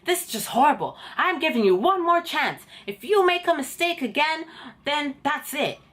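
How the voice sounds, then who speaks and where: A woman's voice: mid-range voice, fairly even intonation, unhurried, fairly bright tone, natural voice. A woman putting on the voice of a rude, bossy female driving examiner who scolds and sneers. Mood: scolding, shrill.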